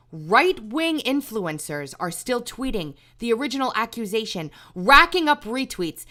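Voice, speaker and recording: A woman's voice: fairly high pitch, sharp tone. A woman host delivering an exasperated, emphatic commentary monologue, repeating words when heated. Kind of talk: angry monologue rant.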